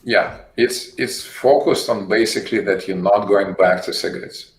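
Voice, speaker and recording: A man, a company CEO guest, answering interview questions in a halting way, often repeating words while he searches for phrasing. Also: fairly low pitch, crowd noise. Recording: echoey room with faint noise.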